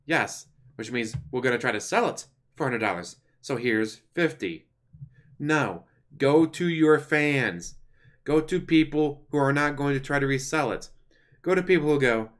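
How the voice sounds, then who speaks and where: A man's voice: medium pitch, lively intonation, normal speed. A man hosting a reaction stream, making mocking, sarcastic remarks over a clip.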